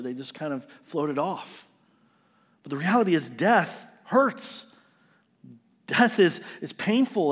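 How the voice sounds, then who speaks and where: A male pastor preaching a sermon, earnest and emotional, often restarting his sentences and moving between hushed and raised delivery. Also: fairly high pitch, long reverb tail. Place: living room during lockdown, then church setting.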